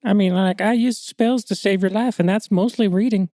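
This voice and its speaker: A man's voice: high-pitched, steady tone, normal speed, dark tone, dry recording, clean studio sound. A man playing in a tabletop game, chatting casually in a playful, teasing way. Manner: playful, teasing, laughs easily. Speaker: player. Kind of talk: casual chat at the gaming table.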